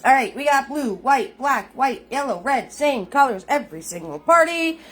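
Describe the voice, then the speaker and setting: A woman's voice: high voice, lively intonation, normal speed. A woman hosting a live-streamed painting lesson, upbeat and chatty, who repeats her greetings and calls viewers sweetheart. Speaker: painting class host.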